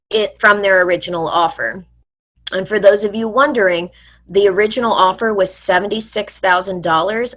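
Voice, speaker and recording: Woman host, mid-pitched, casual and frank, filler-heavy, speaks to viewers like friends. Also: bright, forceful tone. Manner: frequent "like" fillers, blunt mild profanity. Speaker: personal finance host. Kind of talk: casual advice talk to camera.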